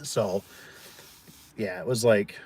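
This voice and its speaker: A man's voice: lowish voice, slow, darkish tone, a little hiss or hum. A man who owns a door and gate business, chatting casually and telling stories full of fillers and acted-out quotes. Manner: storytelling, acts out quoted people, lots of fillers. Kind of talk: casual rambling livestream chat.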